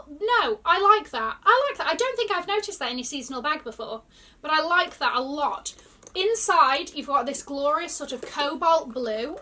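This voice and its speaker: A woman vlogger chatting excitedly through an unboxing, gasping and gushing. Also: high voice, far from the mic. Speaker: luxury fashion vlogger. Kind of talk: casual unboxing chat.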